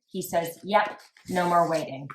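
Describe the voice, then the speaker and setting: Speaking at a measured pace in a lowish voice, a woman hosting a true crime podcast chats casually and reads quoted text messages in a flat tone. She keeps dropping in "like" asides, and there's slight background noise plus a roomy echo.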